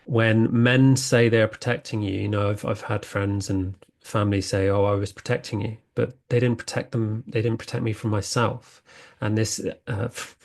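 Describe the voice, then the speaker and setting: A man with a low, creaky voice and steady tone hosts a spiritual podcast. His earnest, reflective monologue halts often, full of fillers and restarts.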